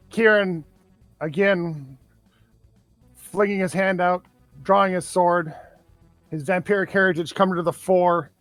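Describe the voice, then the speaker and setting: A man at a tabletop game describes his character's moves, sometimes pausing to find the words. His voice sits notably high for a man, and the sound is dry and close. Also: a bit bright, dry recording, soft background music. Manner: narrates own character's actions, some hesitation. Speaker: player. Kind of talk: casual tabletop game play.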